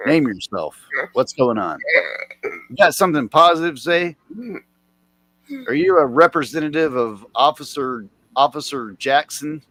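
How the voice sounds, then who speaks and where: A man chatting casually on a live stream, animated and swearing as he talks to his chat and a friend. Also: medium pitch, a little slow, no room sound. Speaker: livestreamer.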